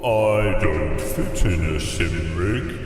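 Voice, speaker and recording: A man putting on a slow, deep, mopey voice for an oversized man who is too big for his racing seat. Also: music in the background.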